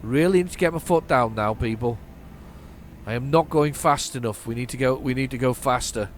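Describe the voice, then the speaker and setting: A middle-aged man from northern England with a flat northern accent, chatting casually while playing a driving game, rambling and restarting his sentences. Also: mid-range voice, moderate pace, slight background noise. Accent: flat northern English. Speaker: gaming channel host. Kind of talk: casual let's-play commentary.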